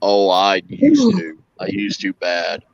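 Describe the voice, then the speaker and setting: Animated Southern man hosting a stream. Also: lowish voice, slow pace, gravelly, no echo, dull audio. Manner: animated storyteller, slips into exaggerated drawl. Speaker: channel host. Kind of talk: casual live-stream chat.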